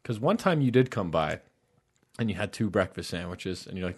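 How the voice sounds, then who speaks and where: Low-voiced chatty man co-hosting. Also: expressive, a little fast, a little mellow, slightly rough. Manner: chatty, argumentative, tells stories. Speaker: podcast co-host. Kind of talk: casual chat.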